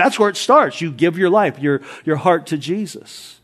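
A middle-aged pastor with a fairly high voice delivers a sermon from the pulpit. He moves between reading scripture and telling light, joking stories, keeping the congregation engaged. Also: fairly quick, hardly any pauses. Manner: animated storytelling with jokes and scripture reading.

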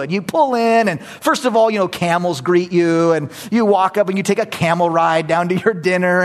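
A man preaching a sermon, telling a story with animated energy and repeating phrases for emphasis. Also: sits high.

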